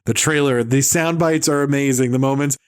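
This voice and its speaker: A man hosting a podcast in casual chat, ranting with mocking impressions, swearing and quick laughs. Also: medium pitch, fairly even intonation, smooth. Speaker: podcast host.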